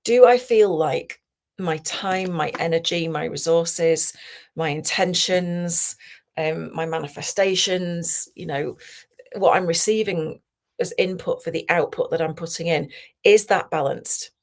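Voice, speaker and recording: A woman coach leading a guided tapping session, talking slowly and soothingly and often dropping to a whisper. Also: lowish voice. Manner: slow, soothing, softly guiding with whispered phrases.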